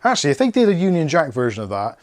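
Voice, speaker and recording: A man from England with a fairly high voice races along with huge pitch swings. He hosts tech videos, and in this casual unboxing he rambles and jokes, talking to his household, his pets, and his viewers' chat.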